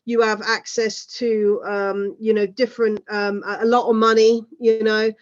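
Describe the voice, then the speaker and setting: A talkative woman in her thirties speaks as an interview guest. She talks in a fairly high voice and fills her points with "you know" asides. Her sound comes through dull and lo-fi, like an online call. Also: flat delivery, a little slow. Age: 30s. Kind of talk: casual conversation.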